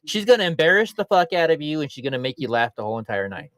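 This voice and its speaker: A man's voice: fairly high pitch, big pitch swings, rapid-fire, fairly bright tone, no room sound. A man co-hosting a casual livestream chat, telling rambling, profane stories. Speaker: livestream co-host. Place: lives in California.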